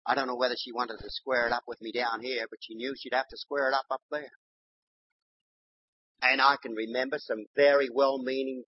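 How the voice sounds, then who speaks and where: An older man preacher delivering a sermon, swinging from loud exhortation to quiet, low storytelling. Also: breathy edge, no room sound. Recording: dull lo-fi sermon recording.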